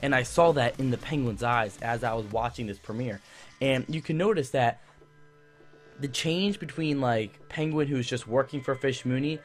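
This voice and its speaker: A man's voice: mid-range voice, moderate pace, soft background music. A young man giving a casual, enthusiastic TV review that rambles, with many fillers and restarts. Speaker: YouTube TV reviewer.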